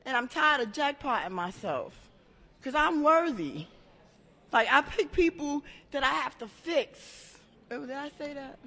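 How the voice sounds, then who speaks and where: High, bright woman sharing in a hall. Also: big pitch swings. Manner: raw, profane, halting with many restarts. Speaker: member sharing at a support meeting. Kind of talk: emotional personal share. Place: meeting room. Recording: echoey hall.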